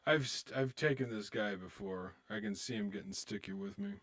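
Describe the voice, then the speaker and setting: A low-voiced man with a fairly bright tone and big swings in pitch talks at a moderate pace during an online poker stream. Muttering and swearing about his hands gives way to upbeat, joking conversation with viewers in a casual live-stream style.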